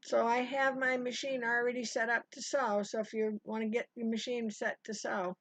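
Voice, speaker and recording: Chatting her way through a live stitch-along, an older woman rambles and greets viewers by name in a slightly high voice with little pitch movement, at a moderate pace. The lo-fi stream audio is dry and dull, with no echo.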